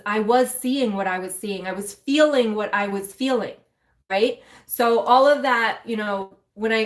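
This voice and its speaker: A woman mentor and coach candidly telling her own story to viewers on a live stream, emotional and speaking straight to them in a loose, conversational way. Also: fairly high pitch. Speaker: mentor and spiritual coach for women.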